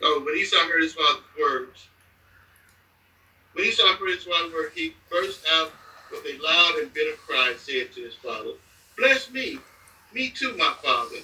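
Bright-voiced man reading scripture in an echoey room. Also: fairly high pitch, normal speed, recorded from a distance. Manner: plain reading with restarts and slips. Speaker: scripture reader.

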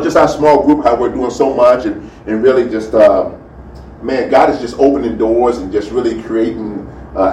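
A man's voice: mid-range voice, darkish tone, far from the mic. Casting: male pastor, easygoing chatty delivery, heard from off the mic in a roomy hall. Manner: chatty, lots of "you know" and "amen". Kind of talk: casual sermon with announcements. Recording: roomy, from off the mic, faint noise.

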